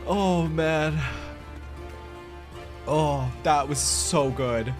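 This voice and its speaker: A game streamer giving casual live commentary, giggly and excitable, talking directly to chat. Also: medium pitch, very slow, music in the background.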